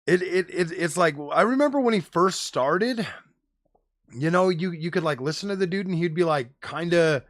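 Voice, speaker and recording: A man ranting on a live stream, animated and profane, full of slang like "bro" and "dude.". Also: sits high, normal speed, dry recording, studio quality. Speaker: tech streamer host. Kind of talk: casual live-stream rant.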